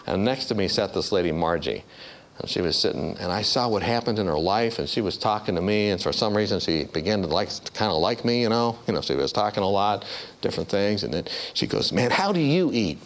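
A man preaching a storytelling sermon, acting out the voices of the people in his stories. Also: fairly quick. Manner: animated storyteller, acts out voices with big pitch jumps.

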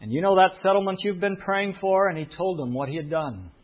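This pastor's voice sits high and moves briskly through his sermon. He relates a story and voices each of its characters, all heard through muffled, lo-fi audio.

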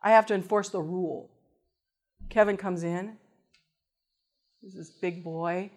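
A woman giving a spoken testimony to an audience about her time teaching in a GED lab. She tells it as an animated story, acting out the other people's voices. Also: lowish voice, unhurried. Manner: lively storyteller who acts out voices and laughs.

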